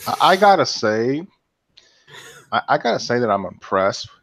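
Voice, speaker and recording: A man's voice: medium pitch, very animated, normal speed, fairly bright tone, no echo. A man co-hosting a casual livestream, chatty and laughing often as he rambles through stories. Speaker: livestream co-host.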